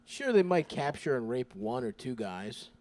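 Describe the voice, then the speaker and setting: A man co-hosting a podcast, laid-back and profane, tossing in deadpan quips. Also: mid-range voice, normal speed, no echo. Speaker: podcast co-host. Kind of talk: crude comedic podcast banter.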